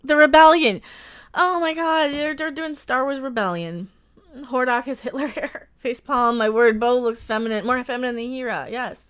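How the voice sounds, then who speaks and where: A woman hosting a casual live reaction stream, sarcastic, laughing often and bursting into loud exclamations. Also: sits high, normal speed, smooth. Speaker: livestream host reacting to a trailer.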